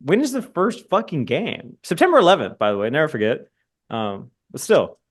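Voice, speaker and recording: Rambling, profane podcast host. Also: male voice, medium pitch, very animated, moderate pace. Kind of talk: casual sports podcast chat. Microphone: podcast microphone.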